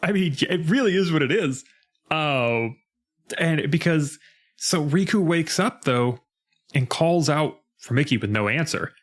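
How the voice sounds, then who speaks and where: Animated male podcast co-host. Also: unhurried. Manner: animated, acts out character lines in a lowered voice. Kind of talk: casual chat, recapping a video game.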